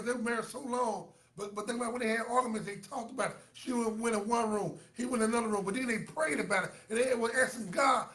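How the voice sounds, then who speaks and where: Guy hosting a live stream, high voice, keeps repeating himself like a preacher. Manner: animated, repetitive, preacher-like exhortation. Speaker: host of a live online talk show.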